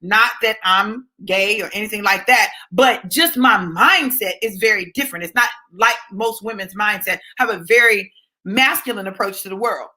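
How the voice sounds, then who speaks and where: A woman talking straight to her viewers in a casual storytelling monologue, swinging from low asides to high exclamations and checking in with "right?". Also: normal speed, pushed and bright. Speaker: vlogger.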